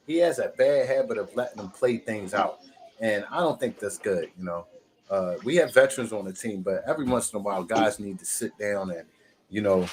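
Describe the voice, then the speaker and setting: A man hosts a relaxed sports podcast in a fairly low voice. He talks in a loose, slangy way and laughs easily. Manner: laid-back, slangy, laughs often. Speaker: podcast host. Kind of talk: casual sports chat.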